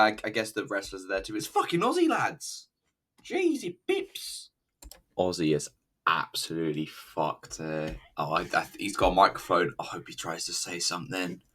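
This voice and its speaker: A man's voice: deep voice, pushed and bright. A man giving a rambling, sweary and sarcastic commentary while reviewing a wrestling show. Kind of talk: casual commentary over a recorded show.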